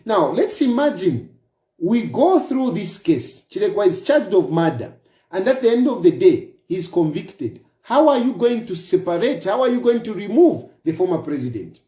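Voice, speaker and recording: A man's voice: high-pitched, very animated, moderate pace, dark tone. Emphatic Zambian man in a roomy space. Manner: emphatic, repeats points with rhetorical questions. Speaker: political commentator. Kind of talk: opinion monologue.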